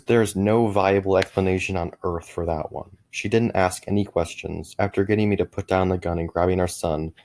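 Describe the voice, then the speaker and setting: A middle-aged man with a very low, deep voice reads a first-person horror story. His delivery is measured, and he often stumbles and restarts small phrases. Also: darkish tone. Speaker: narrator.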